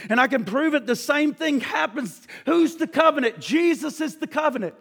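Male preacher, passionate shouter, bright voice, long hall echo. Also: very high voice, expressive, normal speed, gravelly. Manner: impassioned, swings between shouting and hushed. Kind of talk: sermon.

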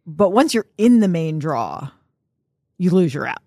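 A woman co-hosting a casual podcast chat, wry and quick to laugh. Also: on the low side, very animated, dark tone, no room sound, clean studio sound. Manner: laughs often, wry asides. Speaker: podcast co-host.

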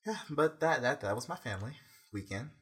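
A young man with a slightly husky voice tells a long, animated family story in casual chat. He slips into quick imitations of his parents along the way. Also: medium pitch.

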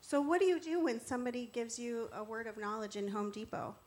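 A middle-aged woman telling a faith testimony in an animated way, acting out the quotes and laughing often. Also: fairly high pitch, brisk, a little hiss or hum. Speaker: guest sharing testimony. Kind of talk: storytelling testimony.

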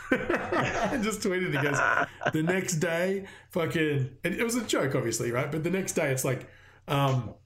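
A man in casual conversation, telling an anecdote with lots of swearing and quick quoted voices. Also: medium pitch, a little hiss or hum. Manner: swears a lot, animated storytelling with quoted voices. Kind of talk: casual chat.

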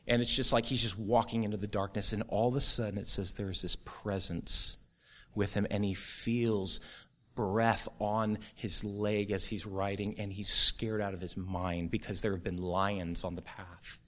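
A middle-aged man preaching a sermon to his church, earnest and building to a forceful, rising close. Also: lowish voice, little pitch movement, unhurried. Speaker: pastor.

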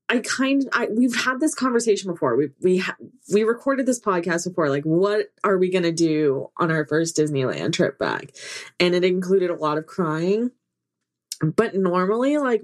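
A woman co-hosting a podcast, telling stories in casual chat with laughs and restarts. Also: fairly low pitch. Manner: animated storytelling with laughs and restarts. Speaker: podcast co-host.

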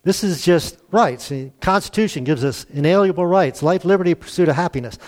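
Conversational pastor, slightly high voice. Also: male voice, a little fast, darkish tone. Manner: conversational preaching with rhetorical questions to the congregation. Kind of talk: sermon.

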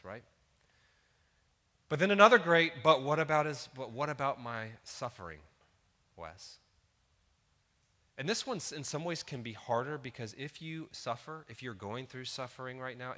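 A man's voice: on the low side, pushed and bright, in a large hall. A man in his thirties preaching a sermon in an earnest, conversational way, building to emphatic peaks. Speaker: pastor.

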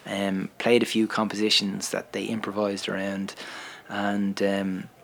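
Man, musician co-host, low gravelly voice, teasing and laughing, faint hiss. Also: monotone, unhurried, fairly bright tone. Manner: teasing, laughs often, explains music terms. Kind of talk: casual podcast chat.

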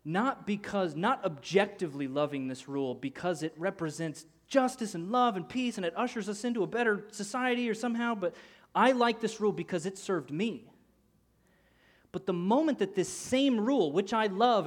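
A man preaching, telling a personal story and acting out the people in it with lively swings of voice. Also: high voice, fairly quick. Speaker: pastor. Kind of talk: sermon story.

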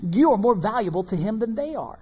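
Animated preaching man in a reverberant hall. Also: high-pitched, fairly quick, slightly rough. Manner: animated, swings between loud and hushed. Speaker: pastor. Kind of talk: sermon.

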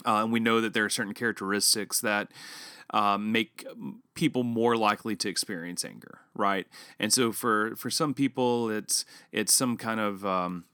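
A man's voice: normal speed, bright, forceful tone, smooth, dry recording, studio quality. A man in his thirties or forties co-hosting a casual podcast chat, telling stories and acting out his own past lines. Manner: storytelling, acts out his own past lines with rising pitch. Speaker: podcast co-host.

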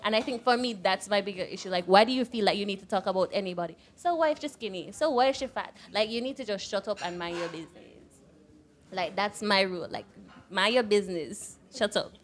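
A woman's voice: medium pitch, fast, a little hiss or hum. Opinionated young Jamaican woman. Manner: opinionated, emphatic. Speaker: podcast co-host. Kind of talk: casual chat.

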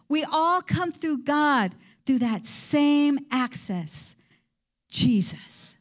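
A woman's voice: sits high, lively intonation, slow pace, fairly bright tone. A woman teaching a Bible lesson in an enthusiastic, rambling preaching manner. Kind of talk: sermon.

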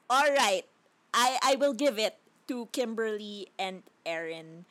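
A woman's voice: on the high side, expressive, measured pace, fairly bright tone. A woman co-hosting a casual movie review chat who rambles and laughs while tearing the film apart. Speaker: podcast co-host.

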